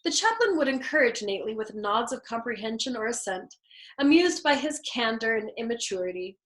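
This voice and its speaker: A woman reads a novel aloud with lively, shifting emphasis. Her voice sits a little high. The recording carries a noticeable room echo. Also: brisk. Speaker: reader. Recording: echoey room.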